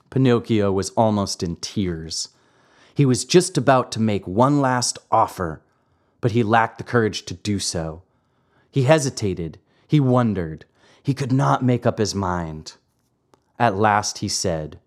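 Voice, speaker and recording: A man reading a classic children's story aloud, slow and expressive. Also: on the low side. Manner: slow, expressive, acts out the voices. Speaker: narrator.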